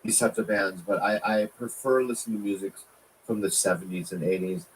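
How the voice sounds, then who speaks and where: A man's voice: deep voice, brisk, distant mic, a little hiss or hum, low-quality recording. A man in his fifties in casual, joking podcast banter. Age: 50s. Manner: joking, laughing, animated banter.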